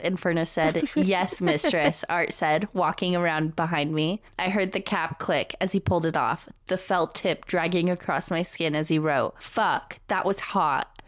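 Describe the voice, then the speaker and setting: A woman's voice: lowish voice, moderate pace, hardly any pauses, no echo, clean studio sound. A young woman co-hosting a podcast, reading a romance novel aloud and often breaking into laughter. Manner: reads dryly, breaks into laughter. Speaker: podcast co-host.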